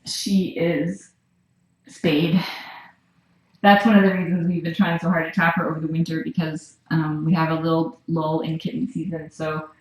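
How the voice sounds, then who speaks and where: A woman's voice: low voice, flat delivery, moderate pace. Cooing woman on a far shelter cam. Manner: soft, cooing baby talk to a cat, often whispered. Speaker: cat rescue worker. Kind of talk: casual talk to a live stream camera. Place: small room in a cat rescue shelter. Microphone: room camera mic from across the room. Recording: echoey room, voice from far off. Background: faint room noise and cats.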